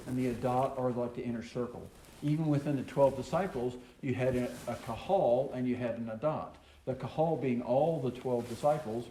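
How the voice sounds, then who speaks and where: Man, Bible teacher, reads verses then explains, mellow voice, roomy echo, faint hiss. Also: medium pitch. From American South. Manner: reads scripture aloud then explains it, with many ums and uhs. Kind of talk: Torah study teaching. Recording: echoey room with faint noise.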